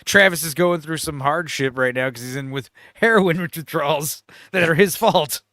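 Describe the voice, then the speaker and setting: High-voiced man animatedly retelling a movie. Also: normal speed, sharp tone, no echo, studio quality. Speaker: podcast co-host. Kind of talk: casual movie discussion.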